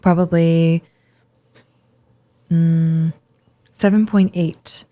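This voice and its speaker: Female panelist, slow, mellow, lowish pitch, hesitant delivery. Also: fairly even intonation. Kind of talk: casual chat.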